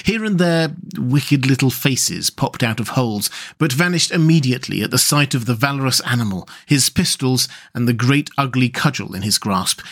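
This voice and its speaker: A man reading a classic children's story aloud, measured and expressive. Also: mid-range voice.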